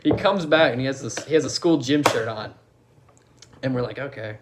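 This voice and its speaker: A man's voice: medium pitch, normal speed, very noisy. A young man co-hosting a podcast, telling a crude story among friends and laughing through it. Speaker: podcast co-host.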